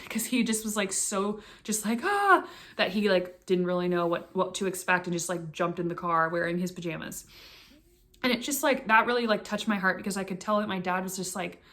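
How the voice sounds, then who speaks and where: A young woman recounting a painful memory to her viewers, earnest and halting. Her pitch sits in a middle range for a woman. She keeps restarting sentences and leaning on filler words as she goes. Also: a bit bright. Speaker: vlogger telling a personal story. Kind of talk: personal storytelling to camera.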